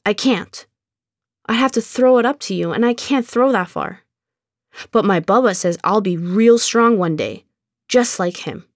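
A woman's voice: medium pitch, expressive, unhurried, no echo, studio quality. A woman reading aloud and voicing a cheeky, persuasive young neighbor boy who coaxes and teases. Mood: coaxing. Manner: coaxing, pleading, teasing. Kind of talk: audiobook character reading.

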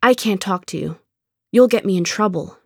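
A woman's voice: medium pitch, moderate pace, creaky, husky, dry recording, clean studio sound. A woman reading aloud and voicing a stubborn, demanding five-year-old girl in a storybook. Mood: defiant. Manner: bossy, demanding, blunt. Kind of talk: audiobook character reading.

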